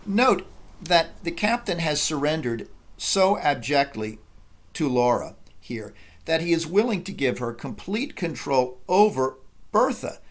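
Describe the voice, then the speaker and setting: A man giving a deliberate, analytical literature lecture as a professor. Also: on the high side, sing-song.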